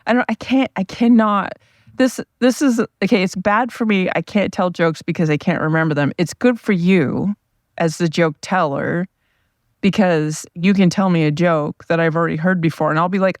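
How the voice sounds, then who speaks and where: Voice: medium pitch, moderate pace, no echo, studio quality. Rambling, chatty podcast host. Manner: rambling, chatty, self-deprecating. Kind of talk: casual solo podcast monologue.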